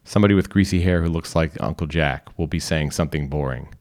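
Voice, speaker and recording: A man reading a short story aloud in calm, instructional second person. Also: extremely low pitch, fast. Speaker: reader. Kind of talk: scripted narration.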